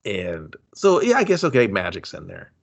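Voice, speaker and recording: Deep-voiced man rambling on a podcast. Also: wildly swooping pitch, moderate pace, creaky. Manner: rambling, filler-heavy. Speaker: podcast co-host. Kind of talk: casual movie review chat. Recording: dull lo-fi audio.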